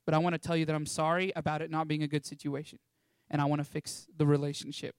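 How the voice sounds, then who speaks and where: A man's voice: on the high side, fast, smooth, dry recording. A young man from Texas, animatedly telling a personal story to an audience and acting out the voices of the people in it. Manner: animated, acts out voices in his stories. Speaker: ministry school student sharing a testimony.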